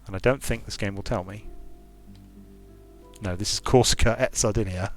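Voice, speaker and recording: A man's voice: lowish voice, moderate pace, no room sound, faint music behind. A man giving casual commentary while playing a strategy game, thinking aloud with frequent restarts and repeated words. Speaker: streamer and game designer.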